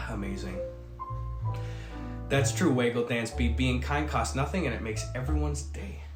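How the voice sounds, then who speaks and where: A streamer who is a bit sick reads out chat messages on a livestream, rambling, swearing, and tossing in jokey asides. His mid-range voice moves slowly with long pauses, in an echoey room over music.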